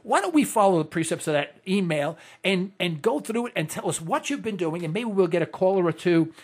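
A man's voice: high voice, animated, fairly quick, breathy edge. A man in his sixties hosting a talk radio show, speaking in a rambling, indignant, impassioned way. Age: 60s. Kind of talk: opinionated talk radio monologue.

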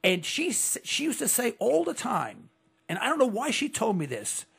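A middle-aged man from New York hosting a call-in radio talk show, speaking formally, slowly and deliberately. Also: very high voice, huge pitch swings, gravelly, fairly bright tone, breathy edge.

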